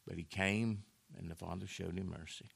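A man preaching a sermon in a folksy way, repeating phrases and swinging from low murmurs to loud raised lines. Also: fairly even intonation, moderate pace, creaky, slightly rough.

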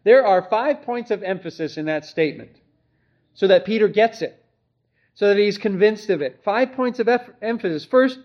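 A man delivers an expository sermon in a high, bright voice. He stays earnest and emphatic and often poses rhetorical questions to his listeners. The recording sounds a little dull and lo-fi. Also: expressive, moderate pace. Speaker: pastor.

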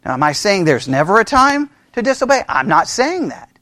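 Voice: mid-range voice, brisk, dry recording, clean studio sound. A pastor preaching a conversational sermon, telling stories full of rhetorical questions and mocking imitations of people. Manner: animated storytelling with rhetorical questions; mimics other people mockingly.

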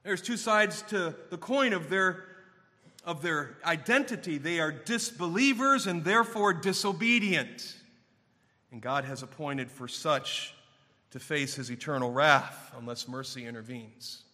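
A man preaching a sermon to his congregation, stressing key words and shifting between quiet and forceful passages. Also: lively intonation, measured pace, long reverb tail. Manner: emphatic, building to raised intensity then dropping low. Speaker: pastor.

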